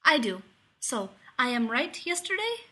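A sly, gossipy male lab colleague, voiced by a woman narrating a story. He speaks with stiff, slightly formal phrasing, and his tone comes out bright and sharp. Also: high-pitched, big pitch swings, measured pace, voice pushed up, full character voice. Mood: teasing.

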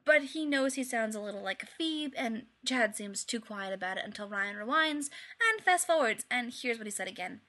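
A woman reading fan fiction aloud with wry, expressive storytelling. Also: fairly high pitch, moderate pace, few pauses. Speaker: reader.

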